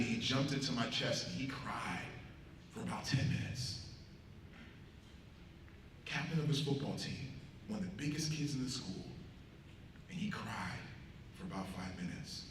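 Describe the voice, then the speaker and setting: A man gives a storytelling motivational speech to students at a school assembly. He acts out the voices in his stories and swings between loud, punchy lines and quiet, soft ones. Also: measured pace, long pauses. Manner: animated storyteller, acting out quotes with big swings in loudness. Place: large school hall. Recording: very echoey hall, voice from far off, faint rumble.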